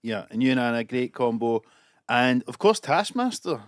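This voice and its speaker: A man with a mid-pitched voice hosting a podcast in a dry, close recording. He chats casually and keeps his guest going with quick agreeing replies. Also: sing-song, no echo. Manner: encouraging interviewer, quick agreeing backchannels. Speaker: podcast host.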